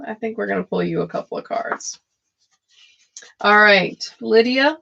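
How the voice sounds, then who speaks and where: Her mid-range voice is gravelly, bright, and forceful, delivered a little slowly. She's casually chatting with her live-stream audience and reading tarot cards, laughing often, all captured in dull lo-fi audio.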